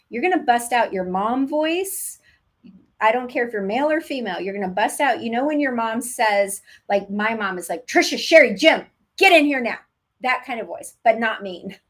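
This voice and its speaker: Woman, labor nurse, direct animated coach, middle-pitched voice, talks straight to parents. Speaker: labor nurse and childbirth educator. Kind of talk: casual live teaching to expectant parents.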